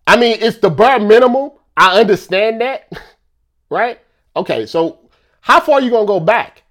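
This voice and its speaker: A man's voice: sits high, measured pace. Guy going off on a rant, keeps asking "you know what i'm saying", voice jumps all over. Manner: animated, repeats himself, rhetorical questions. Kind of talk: casual political rant.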